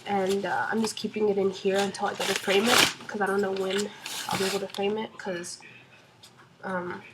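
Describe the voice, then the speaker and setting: Excited young woman rambling through a storytime. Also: mid-range voice, moderate pace, heavy background noise. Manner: excited, rambling with many fillers. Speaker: vlogger. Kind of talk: casual storytime vlog.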